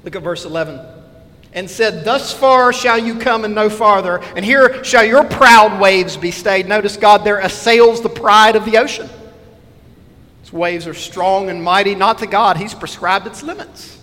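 Male preacher with a higher-pitched voice, earnest expository sermon, echoing church. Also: normal speed, sharp tone. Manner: earnest expository preaching, reading scripture aloud.

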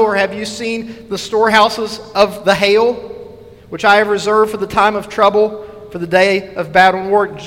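Bright-voiced male preacher in a hall. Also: high voice. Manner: earnest expository preaching, reading scripture aloud. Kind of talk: sermon.

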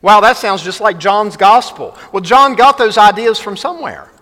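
A man's voice: high-pitched, normal speed, pushed and bright. A man preaching a sermon as pastor, emphatic, repeating key phrases and reading scripture aloud. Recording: long reverb of a large hall.

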